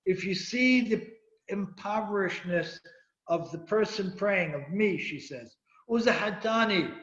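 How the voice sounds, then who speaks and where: A rabbi with a high-pitched, somewhat bright voice leads a Torah class, reading Hebrew verses, explaining them and putting questions to his students. The room is echoey, and the sound is dull and lo-fi.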